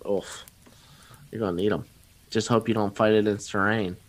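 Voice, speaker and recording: Laid-back low-voiced male podcast host. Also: fairly even intonation, moderate pace. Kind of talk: casual chat.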